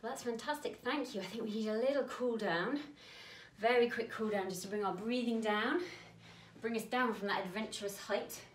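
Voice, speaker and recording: A woman's voice: a little high, normal speed, slight background noise. A woman teaching a creative dance lesson for young children, talking straight to them in an encouraging way. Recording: echoey room, mic at a distance.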